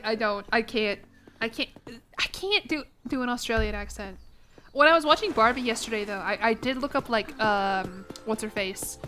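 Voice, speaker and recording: Congested young woman rambling on a game stream, high bright voice, bit of music underneath. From United States. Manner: rambling, chatty, frequent restarts. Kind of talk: casual gaming stream chat.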